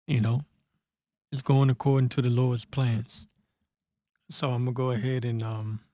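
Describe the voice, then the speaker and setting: A man hosting a casual scripture commentary, blunt and profane, tossing in "man" often and reading verses slowly and deliberately. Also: mid-range voice, mellow, dry recording, studio quality. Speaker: host of a prophecy commentary channel.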